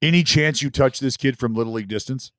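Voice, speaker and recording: A man's voice: medium pitch, quick pace, a bit bright, dry recording. A man co-hosting a podcast, arguing bluntly and cursing freely in casual banter. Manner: argumentative, profane, retells stories with acted quotes. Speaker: podcast co-host.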